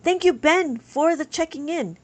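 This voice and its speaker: A woman's voice: sits high, unhurried. A woman teaching abacus on a live stream, chatting with viewers and reading their comments aloud.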